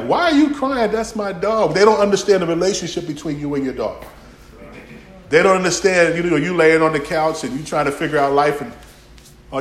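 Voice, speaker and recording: A man preaching a sermon, telling lively stories and acting out dialogue. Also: fairly high pitch, reverberant.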